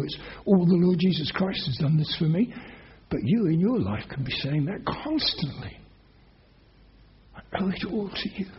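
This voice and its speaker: A man's voice: sits high, dull audio. A man preaching a sermon as pastor, earnest and emphatic, pressing his listeners with rising questions.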